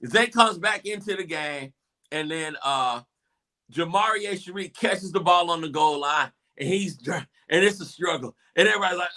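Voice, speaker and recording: A man, hosting a show and excitedly retelling a football game, acting out the crowd's reactions. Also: high voice, moderate pace. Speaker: show host. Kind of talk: animated game recap.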